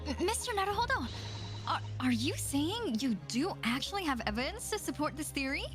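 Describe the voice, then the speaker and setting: A hesitant, earnest young female assistant who stammers slightly over her words, as a woman reads her lines. The voice is high and lively, with game music behind it. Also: brisk.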